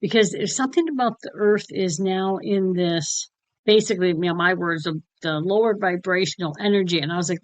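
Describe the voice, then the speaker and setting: Woman co-host, lowish voice, dry close sound, blunt and salty, retells stories with quoted voices. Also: fairly quick, no echo. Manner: frank and blunt, swears freely, retells conversations with lively quoting. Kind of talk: casual spiritual chat.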